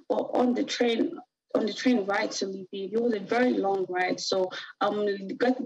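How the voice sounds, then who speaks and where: A young woman from Nigeria, a guest on a television interview, recounting a personal ordeal in an earnest, halting way with many fillers. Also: medium pitch, darkish tone, highs cut off.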